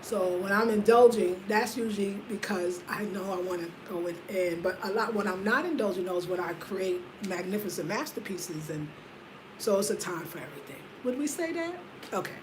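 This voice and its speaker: A woman in her fifties chatting casually to her viewers, energetic and slangy, swinging from loud laughing bursts to low murmurs. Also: slight background noise, rough recording. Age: 50s. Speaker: vlogger. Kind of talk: casual chat to camera.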